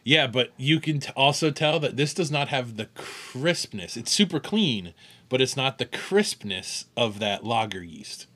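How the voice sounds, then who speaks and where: A man's voice: medium pitch, big pitch swings, a little slow, fairly bright tone. A man co-hosting a podcast, chatting casually about beers and rambling through his thoughts with restarts. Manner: rambling, chuckling, self-correcting. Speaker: podcast co-host. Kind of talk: casual chat tasting beer.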